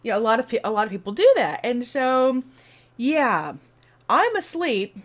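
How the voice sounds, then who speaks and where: A woman streamer telling a rambling, animated story to her viewers, acting out the voices as she goes. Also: on the high side, normal speed. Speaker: streamer and video host.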